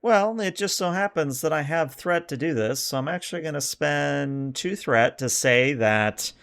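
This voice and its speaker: A man narrating as game master of a science fiction tabletop game, in a relaxed, explanatory way. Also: on the high side, moderate pace.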